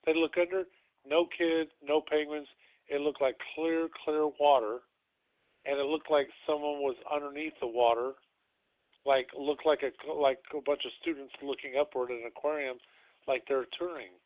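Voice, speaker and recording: A man's voice: on the high side, steady tone, moderate pace. A man hosting a podcast, telling a long story in a casual, rambling way and acting out what people said. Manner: rambling retelling, acting out quotes. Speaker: podcast host. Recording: tinny phone-like sound.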